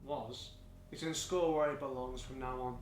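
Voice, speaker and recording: A man voicing a quiet, guilt-ridden father who defends his son in a home-made drama. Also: steady tone, moderate pace, echoey room, distant mic, faint music behind, lightly acted. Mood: subdued. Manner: low, subdued, pleading.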